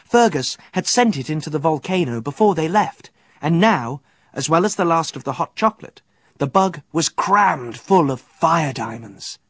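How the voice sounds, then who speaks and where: A man narrating a children's story aloud in a measured storytelling manner. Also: on the high side, animated, slightly rough, no echo. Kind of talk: audiobook narration.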